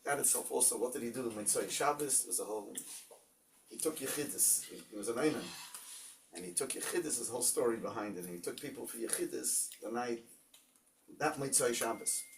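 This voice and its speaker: A man's voice: medium pitch, fairly quick, vocal fry. A man teaching an informal Torah class as a rabbi, telling stories in a conversational way with many fillers and Hebrew terms. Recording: distant mic with faint noise.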